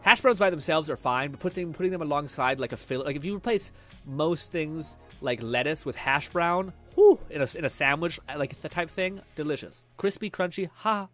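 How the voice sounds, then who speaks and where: Young male streamer, animated, rambling chat, a little high, music bed underneath. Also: moderate pace. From Canada. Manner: rambling, laughing, swearing, animated. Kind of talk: casual chat reading viewer comments.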